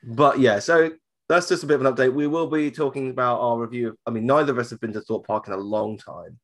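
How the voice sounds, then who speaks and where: This podcast co-host, a man from southern England, talks at a quick pace in a mid-range voice. He's chatty and jokey, and when he restarts his sentences he repeats himself.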